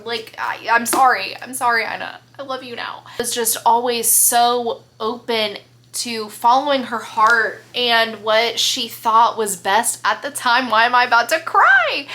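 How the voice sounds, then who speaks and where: Bright-voiced chatty young woman vlogger. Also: a little high. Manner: gushing, chatty, many restarts and "like". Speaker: book vlogger. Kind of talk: casual vlog chat.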